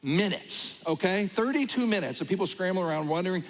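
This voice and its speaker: A middle-aged man preaches a sermon through a personal story, acting out each voice as he goes. His voice sits high and leaps about with lively swings. A long hall reverb trails behind every phrase. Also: a little fast. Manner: animated storyteller, acts out voices. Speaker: pastor.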